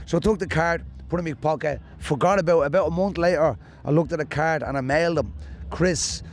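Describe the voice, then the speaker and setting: A man's voice: on the high side, quick pace. Joking Dublin man telling stories. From Ireland. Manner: animated, joking, rambling anecdotes. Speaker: stand-up comedian, guest. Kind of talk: casual storytelling interview.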